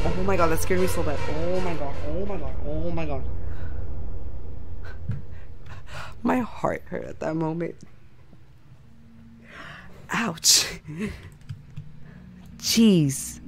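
A gaming channel host talks over live gameplay, jumpy and easily startled, exclaiming all the way through. The voice sits at a middling pitch, and faint background music plays under it. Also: takes it slowly, pauses often.

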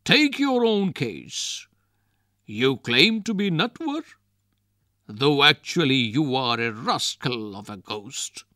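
A man reading aloud and voicing a boastful young male wrestler who taunts a ghost in a loud, drawn-out way. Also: mid-range voice, very animated, dry recording, clean studio sound, heavily acted. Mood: taunting.

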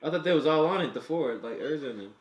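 A man giving casual, profane reaction commentary while he watches an anime, excitable and thinking out loud. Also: a little high, fast, reverberant.

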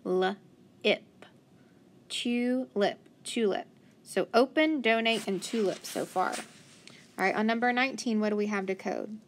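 A woman's voice: on the high side, slight background noise. A woman teaching a children's phonics lesson, patiently sounding out syllables and praising answers. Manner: slow, patient, sounding words out. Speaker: reading teacher.

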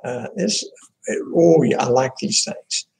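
Pastor, man, slow and gravelly, folksy church talk full of "uh"s and restarts. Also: medium pitch, animated, a little mellow, low-quality recording. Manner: halting, many fillers and restarts, folksy. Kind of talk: informal church prayer-request talk.

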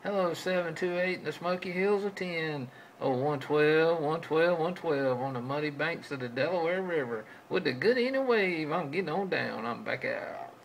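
A man's voice: on the high side, lively intonation, moderate pace, creaky, slight background noise, low-quality recording. A man trading folksy CB radio chatter with other operators, drawing out his calls and repeating his stock phrases.

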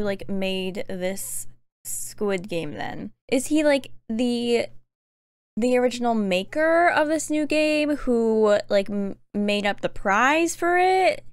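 A woman in her twenties, chatty and excitable, giving casual reaction commentary. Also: mid-range voice, clear, resonant tone, dry recording. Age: 20s. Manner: chatty, excitable, quick to laugh. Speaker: reaction streamer.

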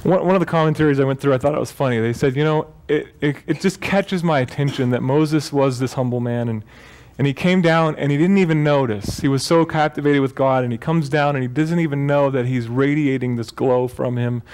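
A man's voice: mid-range voice, brisk, few pauses, darkish tone, clear, resonant tone. A man preaching a sermon as pastor, talking in a loose, joking way and often correcting himself mid-sentence. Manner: conversational and joking, with self-corrections. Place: church.

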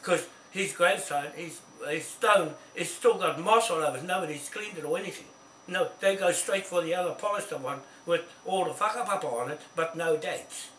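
A man's voice: on the high side, sharp tone. Rambling New Zealand man, echoey and distant. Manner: rambling, many restarts and repeated words; insistent, keeps asking "see?". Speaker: speaker on a phone call. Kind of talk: rambling phone chat. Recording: echoey, distant, faint hiss.

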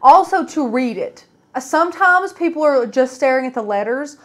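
A woman's voice: sits high, lively intonation, moderate pace, fairly bright tone. A woman with a Southern US accent, co-hosting a casual crafting livestream, chatty and self-teasing as she reads viewer comments aloud. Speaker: co-host.

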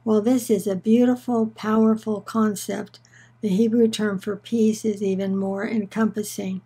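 A woman giving a scripted Bible lesson in a measured, earnest way, slowing down on key words for emphasis. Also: mid-range voice, flat delivery, dark tone, breathy edge, poor audio. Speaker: Bible teacher. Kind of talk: scripted teaching narration.

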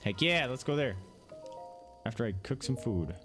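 A man's voice: medium pitch, expressive, normal speed, a bit bright, soft background music. A young man hosting casual let's-play commentary, goofy and self-deprecating. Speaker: gaming channel host.

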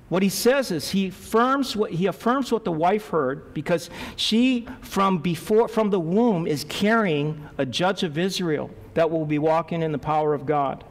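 A male pastor preaching a sermon, lively, acting out the voices of Bible figures as he goes. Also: high-pitched, long reverb tail.

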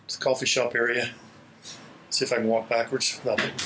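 A man's voice: mid-range voice, little pitch movement, brisk, sharp tone, slight background noise. Man, pastor, walking church tour, chatty, out of breath, laughs a lot, laptop mic, indoors. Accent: Hawaii. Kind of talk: casual walking video tour. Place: small church building indoors. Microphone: laptop held while walking.

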